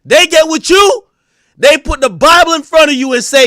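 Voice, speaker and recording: High-voiced man ranting crudely to chat. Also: fairly quick, no echo, studio quality. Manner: animated, crude, bursts into shouting. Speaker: live streamer. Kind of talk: profane live-stream rant to chat.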